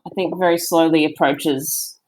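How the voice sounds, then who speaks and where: A woman's voice: sits low, fairly even intonation, moderate pace, a little mellow, low-quality recording. A woman player in a tabletop game who speaks hesitantly, apologizing and correcting herself. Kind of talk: casual chat.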